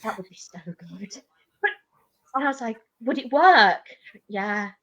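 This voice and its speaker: Lively woman author with a high, bright voice, acting out stories. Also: normal speed, highs cut off. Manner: animated storyteller, acts out quoted dialogue. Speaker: author guest. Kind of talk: casual chat.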